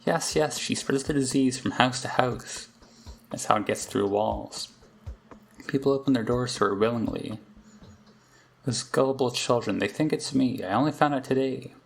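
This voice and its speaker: A man reading aloud the lines of a frantic young girl who says her demonic double is hunting her, in a rushed, pleading way. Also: mid-range voice, creaky, a little hiss or hum, lightly acted. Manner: pleading, rushed, half-hysterical. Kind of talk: reading game dialogue aloud.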